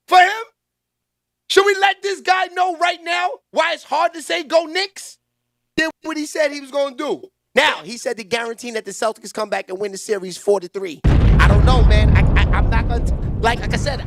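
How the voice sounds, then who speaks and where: A man hosting a vlog, giving casual and animated sports commentary in slangy talk, laughing often. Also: very high-pitched, gravelly. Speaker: vlog host.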